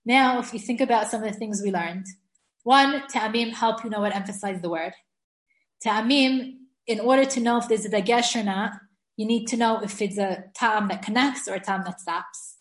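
A woman's voice: medium pitch, moderate pace, reverberant. A woman teaching an online class, chatty and enthusiastic, often laughing and restarting her sentences. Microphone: video call.

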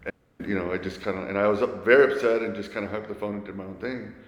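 A man in his forties telling his own story in a conversation, earnest and halting, often restarting his sentences. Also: lowish voice, fairly even intonation. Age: 40s. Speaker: guest. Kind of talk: candid personal storytelling in conversation. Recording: echoey, reverberant room.

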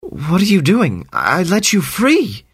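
A man's voice: fairly high pitch, sing-song, unhurried, a bit bright, dry recording, studio quality, pitched above the performer's own voice, exaggerated voice. A man voicing a nervous, earnest young boy wizard in a told story, stammering and flustered in a raised voice. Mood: upset.

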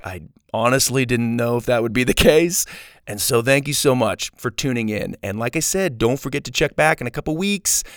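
A man hosting and narrating a children's story podcast in an upbeat, expressive way. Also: medium pitch, clean tone, no room sound, studio quality. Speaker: host and narrator.

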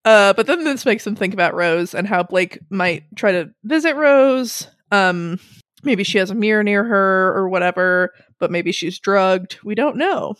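A woman's voice: medium pitch, a little slow, a bit bright, no room sound, studio quality. A woman chatting casually and recapping a story game with a co-host, full of fillers and asides. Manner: chatty, lots of fillers and laughs.

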